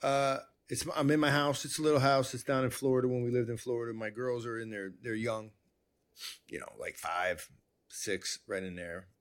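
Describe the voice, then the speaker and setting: A man hosting a conversation, telling a personal story in a rambling, animated way with many restarts. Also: medium pitch, moderate pace. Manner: rambling, self-interrupting, animated. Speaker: podcast host.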